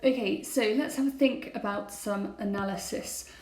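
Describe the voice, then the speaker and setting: A woman's voice: medium pitch, moderate pace, darkish tone, roomy sound. A woman teacher explaining a set text over slides in a recorded lesson, asking her students questions as she goes. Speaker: classics teacher.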